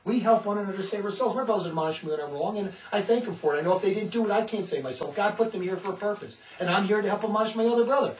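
A man's voice: sits high, rapid-fire, hardly any pauses, roomy sound, distant mic, poor audio. A man who leads a religious community, preaching in a fervent, informal way. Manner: fervent, often acts out others' words. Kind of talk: impassioned informal sermon.

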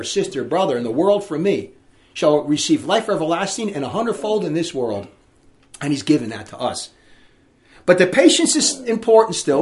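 A man preaching a sermon, reading scripture aloud in a fiery, emphatic way. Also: sits high.

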